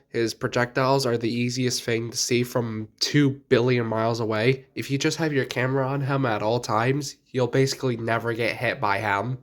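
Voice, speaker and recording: A young man with a sick voice giving blunt, offhand commentary on game characters in a casual video. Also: medium pitch. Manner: blunt, offhand, mildly crude. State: sick, stuffy voice. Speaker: gaming video creator.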